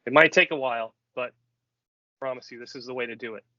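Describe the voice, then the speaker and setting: A man's voice: medium pitch, a little fast, sharp tone, natural voice. A man voicing an earnest young male rat-folk sailor in a tabletop game, speaking firmly. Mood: determined. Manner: firm, pleading. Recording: dull lo-fi recording.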